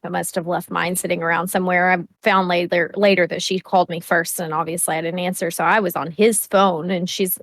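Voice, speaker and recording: A woman's voice: fairly low pitch, flat delivery, brisk, hardly any pauses, a bit bright, no echo. A woman co-hosting a podcast in casual chat, telling a story bluntly with frequent laughs and swearing. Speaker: podcast co-host.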